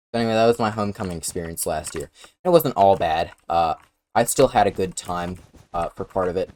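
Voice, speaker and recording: A man with a deep, low voice tells a story straight to the camera in a loose, casual way. His telling is blunt and full of swearing and dry sarcasm. A faint noise sits behind him. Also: lively intonation, a little fast, darkish tone. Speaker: storyteller recounting a personal experience.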